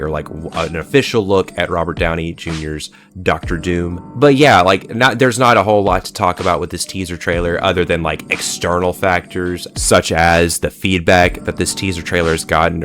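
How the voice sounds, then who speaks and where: A man's voice: low-pitched, a bit bright. A man giving a rambling, profane solo video commentary, full of "like" and "uh". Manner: rambling, profane, heavy use of "like" and "uh". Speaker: pop culture commentator.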